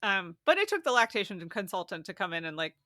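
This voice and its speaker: A woman guest tells her story in a casual, animated interview. She laughs often as she talks. Her voice is bright and crisp, recorded close on a dry mic. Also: medium pitch, fast talker, no echo. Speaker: podcast guest.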